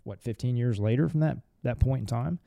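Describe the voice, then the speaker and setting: A middle-aged man rattles through blunt, profane stories at a quick clip. His voice is dark and gravelly, with a rough fry. The sound is dry and close, like a studio podcast mic. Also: medium pitch, dry recording. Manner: blunt, profane, rambling with restarts. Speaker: firearms instructor and former Marine. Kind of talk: casual podcast storytelling.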